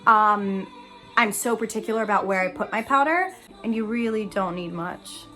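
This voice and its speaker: A woman's voice: mid-range voice, moderate pace, music in the background. A young woman talking casually through a makeup tutorial, chatty, giggly and self-deprecating. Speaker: Broadway actress doing a makeup tutorial.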